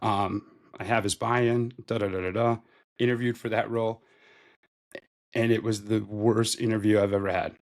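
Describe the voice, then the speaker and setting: A man in his thirties with a low voice and a gravelly, creaky edge. He talks as a guest on a podcast, telling his own story in a loose, rambling way and leaning on "like" as he goes. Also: little pitch movement, normal speed. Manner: loose and conversational, heavy use of "like". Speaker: podcast guest, retail store manager. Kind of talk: casual interview storytelling.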